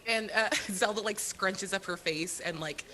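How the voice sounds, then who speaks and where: A woman's voice: mid-range voice, measured pace, sharp tone, poor audio. A woman player in a tabletop game, talking in a casual, joking way.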